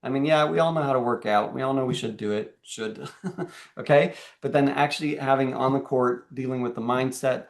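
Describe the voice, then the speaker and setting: A man presenting his coaching program to a group on a video call, energetic and checking in often with "okay?" and "all right?". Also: mid-range voice, brisk, creaky. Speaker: life and fitness coach.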